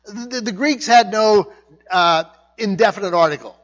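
A man's voice: high-pitched, normal speed, fairly bright tone, muffled recording. A man preaching a conversational sermon, repeating his points with emphasis. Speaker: pastor.

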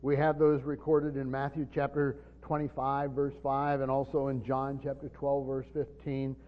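A man's voice: medium pitch, monotone. Man preaching in a reverberant hall. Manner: halting, repeats words and fillers. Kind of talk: unscripted Bible teaching. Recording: long reverb, dull lo-fi sound.

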